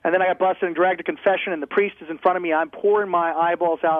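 A man's voice: high voice, fairly even intonation, fast, no echo. A man, a guest pastor, talking with energy and humor on a call-in radio show, sometimes ranting. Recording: tinny phone line.

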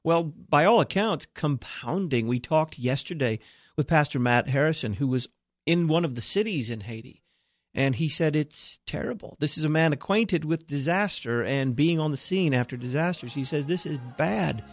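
A man hosting a live talk radio show, speaking in an earnest, measured way. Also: a little high, lively intonation, dry recording, studio quality.

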